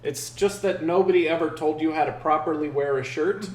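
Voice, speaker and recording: A man's voice: on the high side, brisk, darkish tone. A man from the American South chatting casually as a podcast co-host, teasing his friend with dry banter. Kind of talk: casual chat. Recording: echoey room, far from mic, faint hum.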